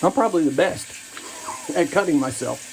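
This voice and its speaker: Shaving in his home bathroom, a man hosts a wet shaving vlog, rambling and cracking jokes at his own expense. His voice is fairly high with lively intonation at a normal speed, and a little hiss or hum sits under the audio.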